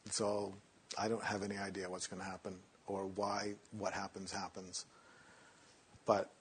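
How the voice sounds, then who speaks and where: A man teaching meditation in a relaxed, conversational way, sometimes acting out inner voices in a mocking tone. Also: deep voice, moderate pace, a little hiss or hum.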